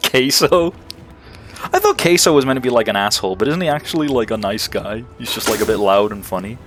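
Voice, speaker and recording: A man's voice: mid-range voice, animated, a little fast, fairly bright tone. Joking man streaming a video game. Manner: joking, swears, laughs often. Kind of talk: casual gameplay commentary. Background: faint game music.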